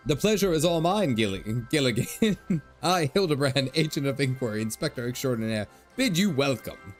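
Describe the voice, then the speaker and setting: A man's voice: medium pitch, expressive, normal speed, lightly acted. Pompous game inspector as a man voices him, grandiose, formal, faint game music behind.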